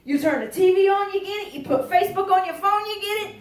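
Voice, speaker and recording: A woman preaching a lively sermon, emphatic and folksy, joking and dropping into quiet asides. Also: very high voice, fast talker. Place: church sanctuary. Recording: echoey church from far off.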